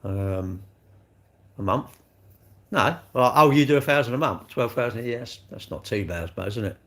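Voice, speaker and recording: A man's voice: medium pitch, moderate pace, a bit bright. A man, chatting bluntly with viewers on a livestream, swearing freely and calling everyone mate. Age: 60s. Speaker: livestream host. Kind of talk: casual chat reading live comments.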